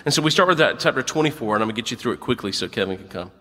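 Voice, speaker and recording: A man preaching a sermon, retelling scripture as a lively story and acting out the quotes himself. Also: mid-range voice, very fast, long reverb tail. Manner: animated storytelling, acts out quotes. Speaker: pastor.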